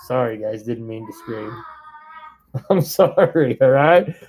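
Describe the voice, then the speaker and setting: A man, hosting a live card break stream, reading off names and breaking into excited shouts. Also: medium pitch, takes it slowly, dull audio, a little hiss or hum.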